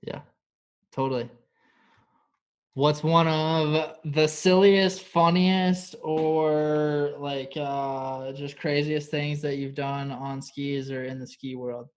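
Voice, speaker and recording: A man hosting an interview podcast and asking questions in a relaxed, casual way, with plenty of "like" and "totally". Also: a little high, slow, clear, resonant tone. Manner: laid-back, filler-heavy talk with lots of "like" and "totally". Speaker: podcast host.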